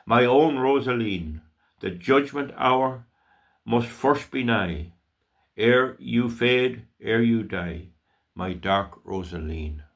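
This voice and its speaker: Slow, gravelly older man reciting poetry. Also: medium pitch. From Ireland. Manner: slow, emotional, declaiming with long drawn-out phrases.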